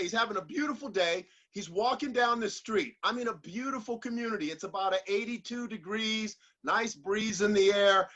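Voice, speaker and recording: A man's voice: high voice, pushed and bright, rough recording. A man giving a motivational speech in an emphatic, repetitive, preacher-like delivery. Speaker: motivational speaker.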